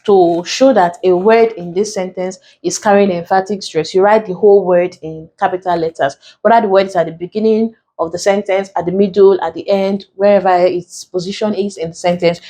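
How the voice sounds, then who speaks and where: A woman with a mellow, warm voice teaches an English exam tutorial. She explains patiently, goes over key points more than once, and slows right down when dictating notes. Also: medium pitch, poor audio.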